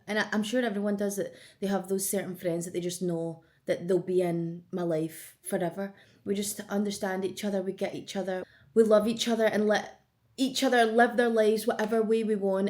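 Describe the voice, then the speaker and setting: Scottish lass in her 20s doing a get to know me vlog, chatty, swears a lot, gets emotional. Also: mid-range voice. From Scotland. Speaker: vlogger. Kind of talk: casual get-to-know-me chat.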